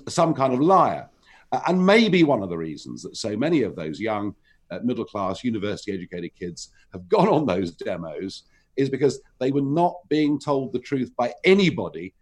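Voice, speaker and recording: A political guest is interviewed on talk radio. He talks forcefully and pushes his points with emphatic peaks, and his pitch keeps swinging high and low. The studio sound is clean. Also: husky.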